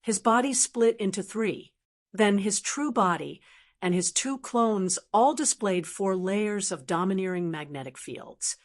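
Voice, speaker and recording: A woman reads a fantasy novel aloud as its narrator. Her voice sits in a middle pitch, and her delivery is even and steady. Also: measured pace. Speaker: audiobook narrator. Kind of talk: scripted narration.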